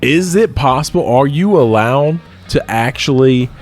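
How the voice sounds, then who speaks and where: A laid-back man at an average pitch chats on a casual podcast. He mostly gives short reactions and asks quick questions, with faint guitar music underneath. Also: animated, darkish tone. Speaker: podcast co-host. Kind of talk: casual chat.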